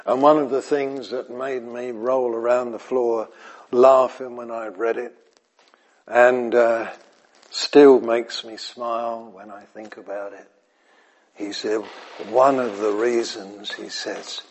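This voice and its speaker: A man delivering a sermon in a husky, slightly breathy voice at an unhurried pace. His pitch sits in a middle register. He swings from emphatic repeated phrases to soft near-whispers, and he often asks his audience whether he is making sense. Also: little pitch movement. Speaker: preacher.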